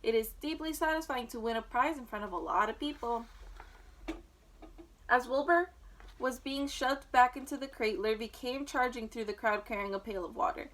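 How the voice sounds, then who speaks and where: Woman, reading a children's book aloud, expressive storytelling, high bright voice. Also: moderate pace, rough recording.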